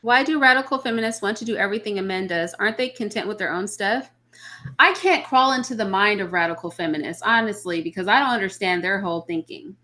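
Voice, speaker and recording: She speaks quickly in a medium-pitched voice with a sharp edge. An adult mother hosting a casual live chat, she handles viewer comments bluntly and opinionatedly.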